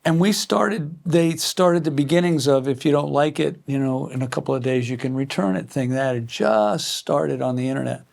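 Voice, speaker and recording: An older man being interviewed about building guitars, telling stories in a lively way and acting out the people he quotes. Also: a little high, normal speed, gravelly, few pauses. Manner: animated anecdotes, acts out quoted voices. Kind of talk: conversational storytelling.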